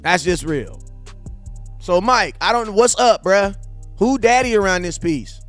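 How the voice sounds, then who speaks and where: A man's voice: high voice, animated, measured pace, a bit bright, faint music behind. A man hosting a casual sports livestream with a loose, rambling, slangy way of talking. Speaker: sports vlog host.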